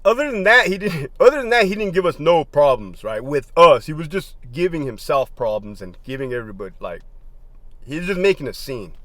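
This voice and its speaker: Animated, profane storytelling man. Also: fairly high pitch, fairly quick, no room sound. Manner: profane, laughing often, animated retelling. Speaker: former prison lieutenant telling stories. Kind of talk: casual storytelling monologue.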